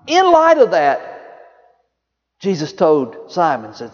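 Animated high-voiced preacher in a hall. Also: male voice, unhurried. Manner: lively preaching, drops low and soft for quoted words of Jesus. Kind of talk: sermon. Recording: dull reverberant hall sound.

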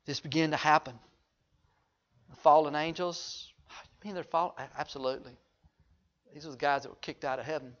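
A man preaching a sermon, swinging from hushed low asides to loud, high-pitched exhortation. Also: steady tone, a little fast, long pauses, muffled recording. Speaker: pastor.

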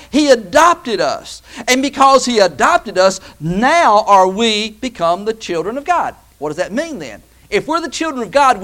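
A man's voice: sits high, fairly bright tone. A man preaching a sermon as pastor, emphatic and calling his listeners beloved and brother.

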